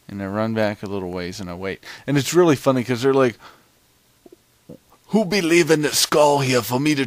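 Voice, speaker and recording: Low-voiced man rambling through gameplay. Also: dry recording. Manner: rambling, chatty storytelling. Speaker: gamer narrating gameplay. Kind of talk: casual gameplay commentary.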